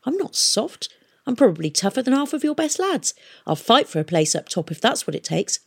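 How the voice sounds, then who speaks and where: A woman's voice: a little high, sing-song, brisk, vocal fry, husky, pitched above the performer's own voice, exaggerated voice. A woman reading a storybook aloud and voicing a tough, desperate young woman who pleads defiantly.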